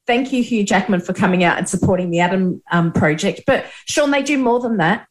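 A woman's voice: medium pitch, lively intonation, a little fast. Eager woman interviewer. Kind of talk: enthusiastic interview questions.

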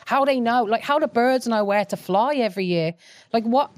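A woman's voice: fairly high pitch, lively intonation, moderate pace, dry recording, clean studio sound. A woman, chatting frankly as a podcast guest and swearing casually.

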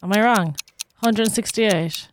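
A woman's voice: mid-range voice, slow pace, slight background noise. An Irish woman co-hosting a podcast who gives short, blunt answers and swears casually. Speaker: podcast co-host. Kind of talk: casual chat.

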